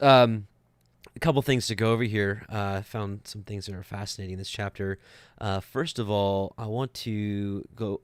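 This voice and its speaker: A man's voice: fairly low pitch, clean tone, no echo, studio quality. A man teaching scripture casually, rambling with many fillers and restarts and chuckling now and then. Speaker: Bible teacher.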